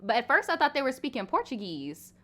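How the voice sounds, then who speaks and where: A young woman in her twenties hosts a casual live Q&A stream, speaking frankly with many fillers, "like"s, laughs, and casual swearing. Her voice sits high and sounds pushed and bright, moving briskly with big pitch swings.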